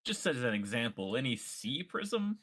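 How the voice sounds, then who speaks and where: A man's voice: mid-range voice, sing-song, a bit bright. A man playing a tabletop game who speaks for his character in a hesitant way. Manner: slow, hesitant, plays his character in first person. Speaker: player.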